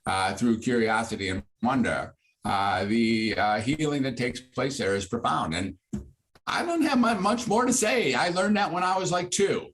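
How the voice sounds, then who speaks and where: A man in his sixties, a psychiatrist, talking freely in an interview and rising to high, lively bursts when he makes a point. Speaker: psychiatrist guest. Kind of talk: conversational interview.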